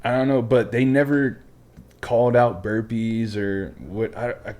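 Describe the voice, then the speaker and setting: A man hosting a podcast who tells stories in a relaxed, unhurried way. He swears freely and drops "man" and "dude" into almost every sentence. His voice sits at an ordinary middle pitch. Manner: laid-back, swears freely, says "man" and "dude" often. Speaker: podcast host. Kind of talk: casual storytelling chat.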